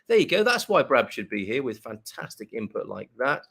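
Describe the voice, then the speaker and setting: A man's voice: mid-range voice, lively intonation, moderate pace, vocal fry, hardly any pauses, fairly bright tone. A man hosting a live-stream chat, reading viewer comments with rambling, jokey, self-mocking asides. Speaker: host.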